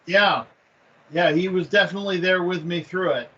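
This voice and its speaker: A man's voice: sits high, moderate pace, sharp tone. A man with a slightly raised voice chats casually. He hesitates often and searches for words with frequent fillers. The recording sounds a little dull. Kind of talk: casual chat.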